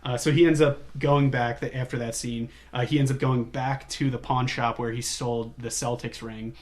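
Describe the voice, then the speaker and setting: A man's voice: medium pitch, level tone. Casual male podcast co-host. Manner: retells scenes with quick impressions. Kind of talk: casual movie podcast chat.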